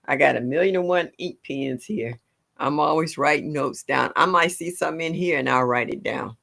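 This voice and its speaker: A woman's voice: low voice, normal speed, vocal fry, a bit bright. A woman hosting a livestream, chatting casually with her viewers and laughing often. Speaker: livestream host. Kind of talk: casual chat with live viewers.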